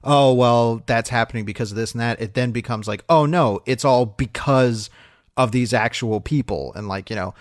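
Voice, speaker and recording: A man's voice: medium pitch, fairly even intonation, moderate pace, no room sound, studio quality. A man co-hosting a film review podcast, talking casually and rambling with fillers, restarts and frequent laughs. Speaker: podcast co-host.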